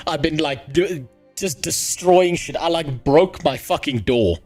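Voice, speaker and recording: A man livestreaming who greets his chat and rants angrily, swearing constantly. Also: a little high. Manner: angry profane ranting. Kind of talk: casual live-stream chat.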